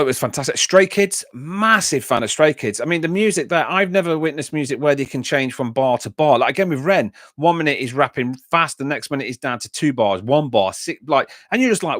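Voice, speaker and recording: A man's voice: fairly high pitch, fairly bright tone, no room sound, clean studio sound. Chatty man, rambling livestream talk. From England. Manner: rambling and self-deprecating, many fillers and restarts. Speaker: music reaction channel host on a livestream. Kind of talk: casual chat, reading and answering live comments.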